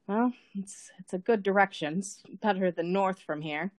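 A woman voicing a loving, proud mother saying goodbye to her grown child, speaking gently and stumbling over repeated words. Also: mid-range voice, no room sound, studio quality, natural voice. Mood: tender. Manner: gentle, a little halting with repeats.

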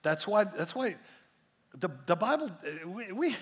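A man preaching a sermon as pastor, emphatic and repetitive, swinging between hushed asides and loud declarations. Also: sits high, big pitch swings, a little slow, big-room sound.

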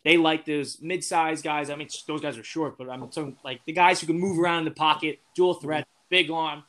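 An eighteen-year-old man talks loosely as a podcast guest, circling back with fillers and restarts. His voice sits a bit high and comes across bright and forceful. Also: fairly even intonation, fairly quick. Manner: rambling, many fillers and restarts. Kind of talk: casual chat.

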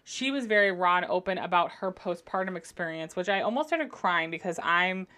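A woman's voice: lowish voice, fairly quick. Chatty young woman gushing about reality TV. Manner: gushing, swears freely, animated recaps. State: going through postpartum depression. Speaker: podcast host. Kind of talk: casual solo podcast chat.

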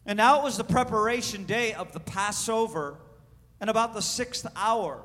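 A man preaching a sermon and reading scripture aloud, swinging between shouted proclamation and hushed, slow reading. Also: sits high, in a large hall.

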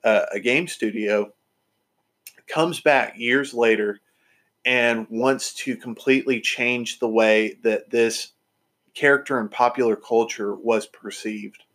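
A man's voice: mid-range voice, fairly even intonation, takes it slowly, fairly bright tone. A man hosting a podcast, chatting casually and enthusiastically with lots of fillers and restarts. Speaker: podcast host.

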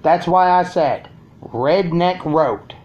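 A man's voice: on the high side, slow, darkish tone, dull audio. A man ranting crudely and sarcastically to his viewers from his home. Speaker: vlogger. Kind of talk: profane ranting monologue.

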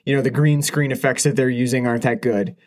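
A man's voice: medium pitch, fairly even intonation, fast. A man co-hosting a casual film review chat, rambling with many fillers and restarts. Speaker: podcast co-host reviewing a film.

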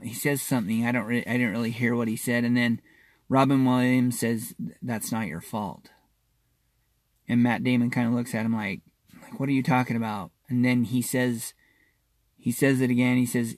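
A man who works as a wellness practitioner, talking casually and earnestly to listeners in a halting way, often doubling his words. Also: medium pitch, no echo. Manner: reassuring, earnest. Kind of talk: casual spoken monologue to listeners.

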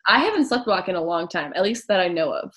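A woman's voice: lowish voice, very animated, quick pace, fairly bright tone. A young woman in casual conversation, telling a story and acting out her own panicked words. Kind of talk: casual chat.

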